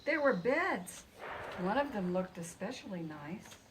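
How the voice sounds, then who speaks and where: Woman storybook reader, unhurried and animated, faint background noise. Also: medium pitch. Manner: slow, expressive reading. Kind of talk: storybook read-aloud.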